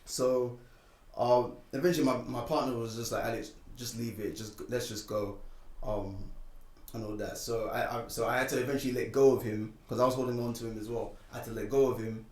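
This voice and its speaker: A man's voice: mid-range voice, a little fast. Man telling a story, echoey room. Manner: animated, acts out quoted lines. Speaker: podcast co-host telling his story. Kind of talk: casual storytelling chat. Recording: echoey room, distant mic.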